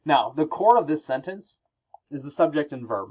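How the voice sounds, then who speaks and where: A man's voice: fairly high pitch, expressive, moderate pace, darkish tone, muffled recording. A male teacher explaining grammar rules in a recorded lesson, talking through examples with fillers and occasional self-corrections.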